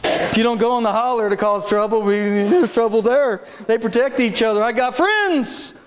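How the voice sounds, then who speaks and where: Brief: man, pastor, very high voice, folksy stories and shouted calls, echoey sanctuary. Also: normal speed, background noise. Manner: folksy storytelling with sudden shouted exhortations. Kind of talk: sermon. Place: church sanctuary. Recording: echoey church room.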